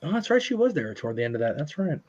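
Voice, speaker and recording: A man's voice: fairly high pitch, very animated, very fast, darkish tone, highs cut off. A man on a casual show who chats along with the host, repeats words and calls people brother. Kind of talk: casual chat.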